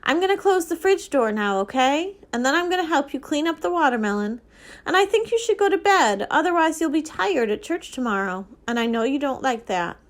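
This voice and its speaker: A woman's voice: sits high, sing-song, a little fast, pitched above the performer's own voice. A woman reading aloud and voicing a young girl who speaks carefully and coaxingly in a storybook. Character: young girl, older sister.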